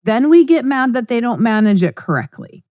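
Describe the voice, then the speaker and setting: A woman's voice: on the high side, very animated, moderate pace, darkish tone, dry recording, clean studio sound. A middle-aged woman hosting a podcast, talking in a blunt, emphatic, conversational monologue. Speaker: podcast host. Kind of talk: casual monologue.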